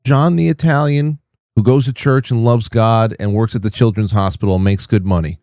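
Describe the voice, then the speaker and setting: A man hosting a livestream, telling a rambling, animated story in casual chat. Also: on the low side, fairly quick, clean tone, dry recording, clean studio sound, faint music behind. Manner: rambling, animated, many restarts. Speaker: livestream host.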